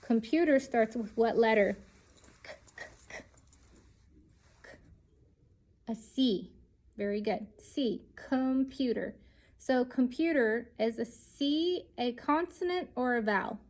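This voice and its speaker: A woman's voice: a little high, a little slow, darkish tone. A woman teaching a children's lesson, speaking patiently and sounding out each letter.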